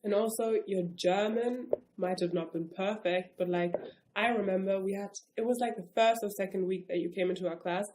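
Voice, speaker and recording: A woman's voice: mid-range voice, fairly even intonation, normal speed, background noise. A young woman remembers her school years in a casual interview. She is chatty and fills her sentences with "like". Her voice sits in a mid range. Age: young adult. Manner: chatty, filler-heavy with lots of "like". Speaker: former classmate.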